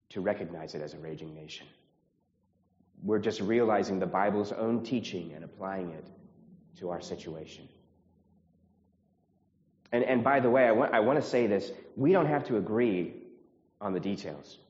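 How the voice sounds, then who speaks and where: A man from the United States preaching a sermon as pastor, earnest, repeating phrases and rising in pitch when stirred. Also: moderate pace, long pauses, darkish tone. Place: church sanctuary. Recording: reverberant hall, slightly dull sound.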